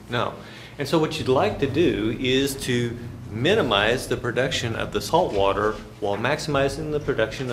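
A middle-aged man giving a classroom finance lecture in a lively, folksy storytelling manner, sometimes making sound effects. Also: medium pitch, slight background noise.

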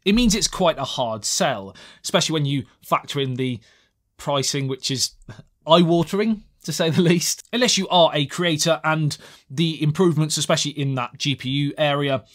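A man's voice: fairly high pitch, moderate pace. A young man giving a chatty, self-mocking tech review to camera, with jokey asides.

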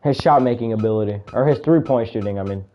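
A young man casually commentating a video game he is playing, calling moves with excitement, shouting at big moments and muttering asides to himself. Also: fairly low pitch, fast talker, highs cut off, a little hiss or hum. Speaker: gaming video creator.

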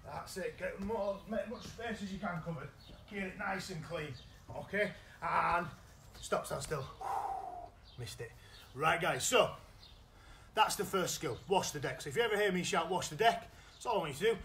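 A man with a British accent coaching children's football in a live online session, giving energetic, encouraging instructions. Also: high-pitched, normal speed, echoey room, slight background noise, rough recording. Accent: British English. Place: indoors at home.

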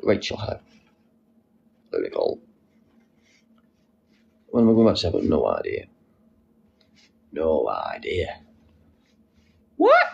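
A man's voice: a bass voice, huge pitch swings, slow, creaky, long pauses, lo-fi sound, a little hiss or hum. A man chatting casually on a live stream, reading out viewers' comments and answering them. He sits outdoors on a wall and talks into a phone.

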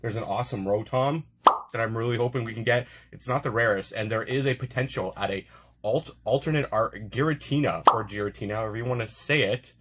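A man hosting a card-opening video chats casually and briskly in a medium-pitched voice, stumbling over names along the way, with background noise behind him.

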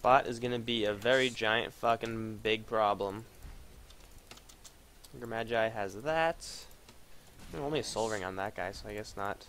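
A man's voice: fairly low pitch, unhurried, long pauses, fairly bright tone, slight background noise. A man giving profane, frustrated running commentary on his own video game match, muttering and then bursting out. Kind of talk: live gameplay commentary.

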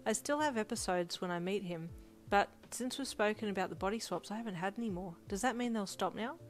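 A woman's voice: medium pitch, fairly quick, natural voice. Woman doing bashful, stammering teen girl, storybook; faint music behind. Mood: shy. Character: shy, flustered teenage girl.

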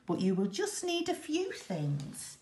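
A woman's voice: mid-range voice, huge pitch swings, takes it slowly, gravelly, mellow, a little hiss or hum, full character voice. A woman voicing a hungry, gullible male wolf in a read-aloud storybook, with a growling, sighing manner. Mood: eager. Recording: echoey room.

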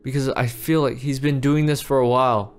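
A man voicing a quiet, apologetic male helper in a game role-play. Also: medium pitch, steady tone, brisk, clear, resonant tone, pitched below the performer's own voice, natural voice. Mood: hushed.

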